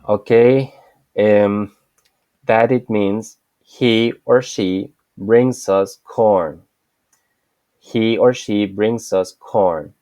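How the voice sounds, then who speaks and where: Slow, low-voiced man teaching Spanish. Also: mellow, dry recording. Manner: explains slowly, repeats example sentences. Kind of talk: online language lesson.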